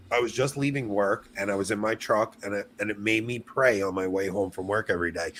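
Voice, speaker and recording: A man's voice: fairly low pitch, fairly bright tone, slight background noise. A man hosting a casual panel chat, candidly telling a personal story over a video call.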